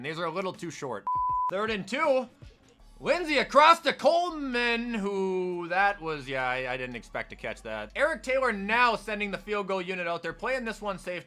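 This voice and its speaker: A man doing excitable mock sportscaster play-by-play over a football video game, bursting into shouts on big plays. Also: high-pitched. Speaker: gaming content creator.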